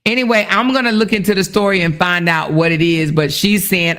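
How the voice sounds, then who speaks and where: A woman's voice: mid-range voice, lively intonation, normal speed, hardly any pauses, fairly bright tone. A woman hosting a casual livestream commentary, chatty, laughing often and reading comments aloud. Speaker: commentary host.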